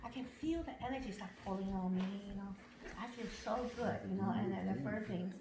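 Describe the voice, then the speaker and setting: A woman from Washington state giving a casual testimonial about her camp visit. She talks in broken English, laughs often and gets excited easily. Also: medium pitch, a little fast. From Washington state, USA. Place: upstairs room at a camp. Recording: roomy echo, faint noise.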